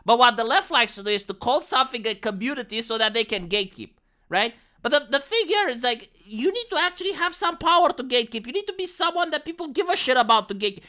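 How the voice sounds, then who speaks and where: A woman's voice: high-pitched, expressive, fast talker, bright, forceful tone. A young woman streamer giving blunt, sweary casual commentary with lots of restarts, from Romania.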